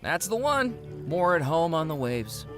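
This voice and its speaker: A chill joking treasure hunter, super lively voice, game music under. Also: male voice, fairly high pitch, a little slow. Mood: breezy. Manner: breezy, dryly joking. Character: breezy young male treasure hunter.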